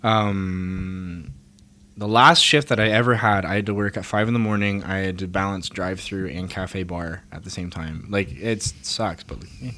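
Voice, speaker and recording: A young man with a low, bright, forward voice, joking through a casual chat. He swears freely and tells work stories in a crude, easy way. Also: moderate pace. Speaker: co-host, barista.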